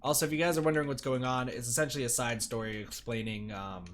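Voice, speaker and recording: A man's voice: mid-range voice, fairly even intonation, fast, a bit bright, slight background noise. A man streaming a game, joking and chatting casually while reading the story aloud. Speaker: let's play streamer.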